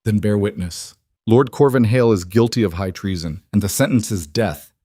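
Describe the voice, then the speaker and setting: A man voicing a commanding male werewolf king who speaks in a stern, measured way. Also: on the low side, mellow, no room sound, clean studio sound, natural voice.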